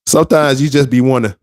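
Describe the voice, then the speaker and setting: A man's voice: medium pitch, slight background noise. A man giving relationship advice to other men in an emphatic, preachy monologue, repeating his points. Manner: emphatic, repetitive, street-preacher cadence.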